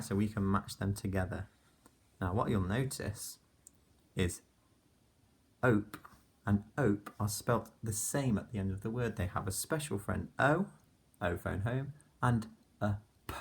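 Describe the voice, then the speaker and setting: A primary school teacher with a low, creaky, husky voice leads young children through phonics, slowly sounding out each letter and patiently praising the class.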